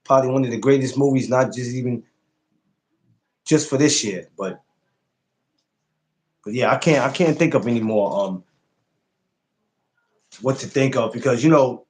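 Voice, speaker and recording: A man hosting a live podcast stream, chatting casually and animatedly, swearing freely and jumping up high when he mocks something.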